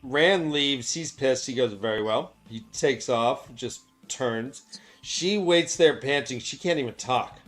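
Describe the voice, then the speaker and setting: A man's voice: mid-range voice, takes it slowly, soft background music. A man casually recapping book chapters on a podcast, animatedly acting out the characters' lines. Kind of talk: casual chat.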